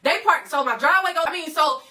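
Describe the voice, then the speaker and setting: A woman telling a personal story casually to her viewers, profane and animated, often calling out to them as y'all. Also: very high voice, quick pace, distant mic.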